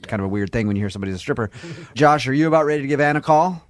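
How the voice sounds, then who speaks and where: A man's voice: mid-range voice, lively intonation, very fast, dry recording, clean studio sound. A man hosting a morning radio show, chatting casually and teasing his caller with frequent laughs.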